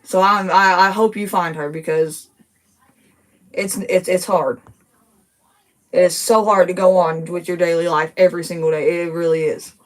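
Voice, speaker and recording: A woman's voice: fairly low pitch, steady tone, far from the mic. Worked-up woman talking to her phone. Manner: emotional, gets worked up, rapid and repetitive. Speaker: TikTok creator. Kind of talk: casual talk to viewers. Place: her home living room.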